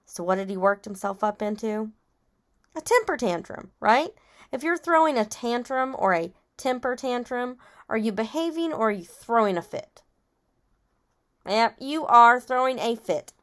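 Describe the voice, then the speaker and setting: A woman's voice: a little high, animated, measured pace, a bit bright. A woman teacher reading a chapter book aloud to children, stopping to ask and explain vocabulary words.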